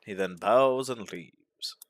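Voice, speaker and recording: A man narrating a game playthrough, reading its events aloud in a deadpan manner. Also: on the low side, slow pace, dry recording. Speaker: gaming commentator.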